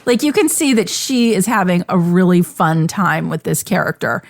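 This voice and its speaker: A woman's voice: on the low side, animated, moderate pace. A woman podcast host gushing enthusiastically in casual chat. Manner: gushing, enthusiastic, mimics lines.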